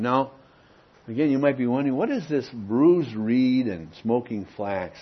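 A man with a husky, slightly rough voice preaches a teaching sermon. He leans hard on key words and then sinks into soft, low asides, often checking in with "Okay?". The recording sounds dull and lo-fi. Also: measured pace. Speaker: pastor.

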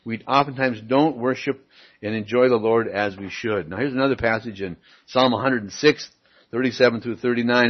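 A man's voice: mid-range voice, normal speed. A male preacher delivers a sermon, reading scripture and letting key phrases rise with emphasis before dropping into dry, wry asides. His voice sits in an ordinary middle register. The recording is muffled and lo-fi. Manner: emphatic, rising loudly on read verses, wry asides. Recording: dull lo-fi recording.

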